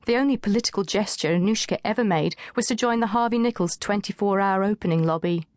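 A woman's voice: mid-range voice, quick pace, a little mellow, dry recording. Wry woman narrating, dry studio sound. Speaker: audiobook narrator. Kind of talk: scripted audiobook narration.

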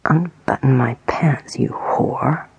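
A woman voicing a cruel, menacing male attacker in a whispered role-play, husky and breathy, taunting and commanding. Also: rumbling low, slow, darkish tone, no room sound, lo-fi sound, exaggerated voice.

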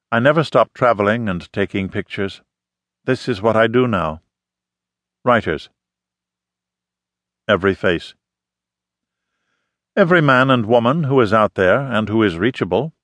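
A man's voice: mid-range voice, fairly bright tone, no echo, close to an everyday voice. A man voicing an intense middle-aged woman photographer with a slight foreign accent and formal, emphatic phrasing, read in an audiobook. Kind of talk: audiobook character reading.

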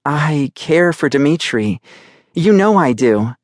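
A man voicing a young woman in an audiobook, speaking softly and questioningly. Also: fairly high pitch, sing-song, slow, no echo, studio quality, pitched above the performer's own voice. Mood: pleading. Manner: soft, questioning. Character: young woman, hurt and pleading.

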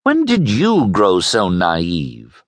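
A man's voice: low-pitched, huge pitch swings, drawn-out words, dry recording, full character voice. A man voicing a determined young noblewoman in an audiobook, urgent and pleading. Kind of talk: audiobook character voice.

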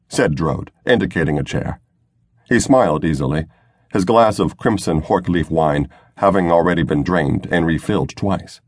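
Male audiobook narrator, very low, husky, measured delivery. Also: dry recording, studio quality. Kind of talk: scripted narration.

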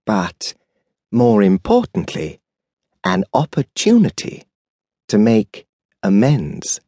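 A man voicing a stern, deliberate male angel. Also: huge pitch swings, gravelly, warm tone, breathy edge, no room sound, full character voice. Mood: solemn. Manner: slow, deliberate, lowered delivery. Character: stern, measured male angel, impatient judge. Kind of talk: audiobook character voice.

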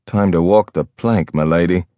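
A male narrator voicing a rugged ship captain with quiet authority in an audiobook. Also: moderate pace, dry recording, dull audio, lightly acted. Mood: commanding. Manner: quiet authority, low and intimate. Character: rugged older sea captain, calm and commanding. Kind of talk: audiobook character voice.

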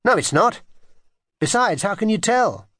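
A man's voice: high voice, sing-song, measured pace, no echo, studio quality, pitched above the performer's own voice, full character voice. A man voicing a cheeky but fair young boy in a children's audiobook, by turns boisterous and sensibly grown-up. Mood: teasing, cross.

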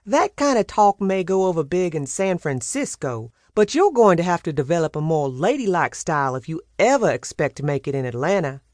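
Older man uncle, read by a woman, wry, teasing, animated, dry sound. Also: fairly low pitch, fairly quick, few pauses, dry recording. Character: teasing older white-haired gentleman uncle.

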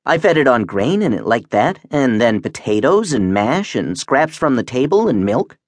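A man's voice: medium pitch, big pitch swings, moderate pace, no echo. A male narrator voicing an earnest young crewman who explains things eagerly.

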